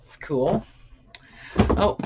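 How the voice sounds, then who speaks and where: A vlogger chatting casually and musing aloud in a soft, unhurried way while sorting through boxes at home. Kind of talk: casual unboxing chat. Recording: clear background noise.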